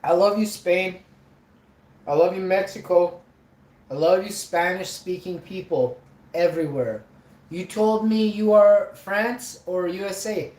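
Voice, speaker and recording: Slow jokey man, roomy echo. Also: darkish tone. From Canada. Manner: jokey, drawn-out words with sudden high yelps. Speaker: live streamer. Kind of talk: rambling live-stream chat.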